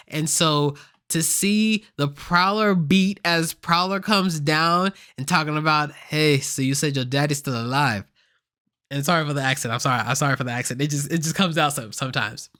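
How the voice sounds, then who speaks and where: A man giving a casual, excited movie review in slangy, rambling talk. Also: fairly high pitch, smooth. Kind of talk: casual animated film review.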